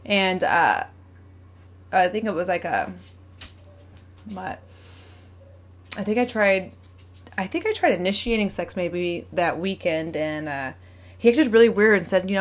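A woman in her thirties tells a personal story from home in a rambling, conversational way. Her voice sits a little low, and she backs up, corrects herself, and acts out what others said. She clears her throat now and then as she talks. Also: sing-song, a little slow, pauses often. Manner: rambling, with many fillers, self-corrections and acted-out quotes. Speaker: vlogger.

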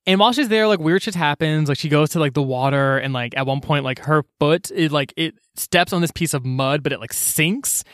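A man's voice: a little high, fairly quick, few pauses, fairly bright tone, dry recording, clean studio sound. A man casually recapping a story on a podcast, slangy and full of fillers, swearing offhandedly.

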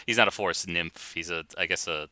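A man's voice: low-pitched, a little fast, sharp tone, dry recording. A man co-hosting a casual podcast chat about a film, talking loosely with frequent laughs and restarts. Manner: chatty, laughs often, restarts sentences. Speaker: podcast co-host.

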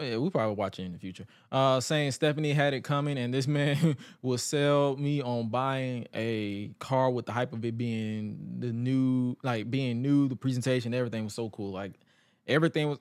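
This podcast co-host has a medium-pitched voice and a moderate pace, captured dry at studio quality. He's an animated joker, breezily recapping wrestling and performing the funny quotes himself.

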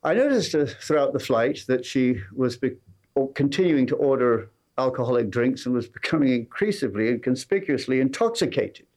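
A man's voice: medium pitch, animated, moderate pace, darkish tone. An English-accented pastor delivers a sermon in a mid-range male voice, weaving a personal anecdote into his message. He mixes wry, self-deprecating humor with earnest, direct appeals to his listeners. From England.

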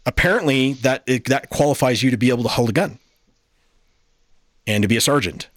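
Speaking fairly quickly in a mid-range voice, this man hosts a podcast and launches into a laid-back but exasperated, profane review rant. The studio sound is clean, without any echo.

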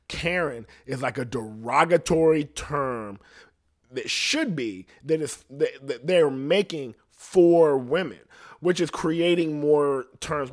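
A man hosting a podcast, ranting in a rambling, profane, comedic way, laughing often and sometimes dropping to a low mutter. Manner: drops to a low mutter at times. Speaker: podcast host. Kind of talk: casual comedic rant.

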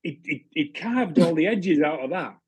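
A man's voice: a little high, animated, moderate pace, darkish tone, slightly rough, no room sound, lo-fi sound. A man in his fifties, a former goalkeeper, telling chatty football anecdotes as a podcast guest. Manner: chatty anecdotes, frequent restarts, laughing. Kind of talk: casual storytelling chat.

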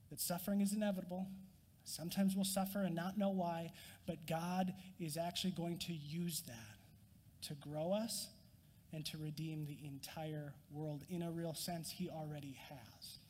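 A man preaching a sermon as a pastor, earnest, rising to emphatic peaks and dropping to quiet. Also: a little high, long reverb tail, a little hiss or hum. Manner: earnest, rises in emphasis then drops quiet.

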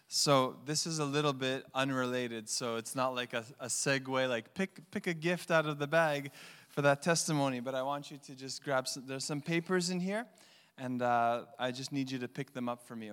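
A man's voice: medium pitch, clean tone. A man preaching a sermon as pastor, telling stories and acting out the voices in them. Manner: animated storyteller acting out voices. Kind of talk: sermon with storytelling. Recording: long hall reverb.

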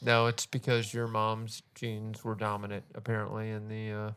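A woman's voice: extremely low pitch, completely flat delivery, normal speed, a bit bright, clean tone. A middle-aged woman co-hosting a podcast from a home setup, with a dry, laid-back manner and blunt asides. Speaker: podcast co-host. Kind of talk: casual chat.

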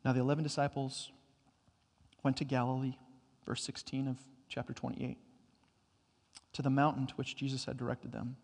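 A man preaching a sermon, telling a story that swells to loud bursts and falls back to quiet, slow emphasis. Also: medium pitch, creaky, breathy edge. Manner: storytelling, builds to loud excited bursts then drops quiet. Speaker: pastor. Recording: long hall reverb.

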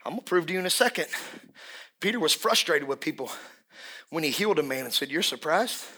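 A middle-aged man preaching a sermon in a church, dropping to hushed asides and then rising to shouted climaxes. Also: on the high side, expressive, fast talker. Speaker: pastor. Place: church service in a room.

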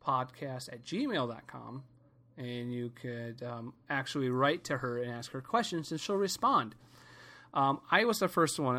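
A man rants casually on his podcast, swearing often and wandering from one gripe to the next. His voice is bright and forceful, and he tells his stories with animated comedic energy. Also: medium pitch. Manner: profane, rambling, animated storytelling. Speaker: podcast host.

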